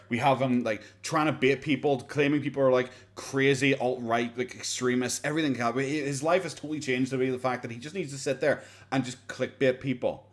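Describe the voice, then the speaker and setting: A man's voice: mid-range voice, noisy background. A man with an Irish accent giving casual, sarcastic reaction commentary on a video, swearing often and laughing between remarks.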